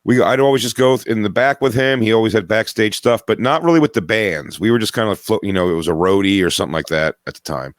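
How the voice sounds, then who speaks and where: A man's voice: fairly low pitch, fast talker, few pauses, dry recording. A man hosting a podcast, chatting casually and wryly, telling a rambling story. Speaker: podcast host. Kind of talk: casual chat.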